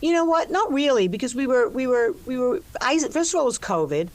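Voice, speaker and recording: An older woman in a relaxed interview, talking about making her film, full of restarts and "you know"s. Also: high voice, a little fast. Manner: expansive, restarts often, many "you know"s. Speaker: actress and co-writer discussing her film. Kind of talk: conversational interview.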